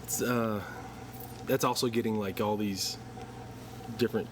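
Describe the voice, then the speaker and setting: A man's voice: fairly low pitch, steady tone, a little slow, noisy background. A man hosting a podcast, talking loosely with lots of "uh" and "like" fillers. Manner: loose and conversational, heavy on fillers like "uh" and "like". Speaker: podcast host. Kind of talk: casual podcast talk.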